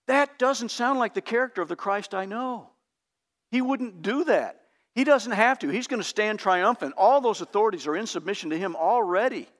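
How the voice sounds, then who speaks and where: A pastor preaching a sermon in an earnest, emphatic, teacherly way. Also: male voice, high-pitched, expressive, normal speed, a bit bright.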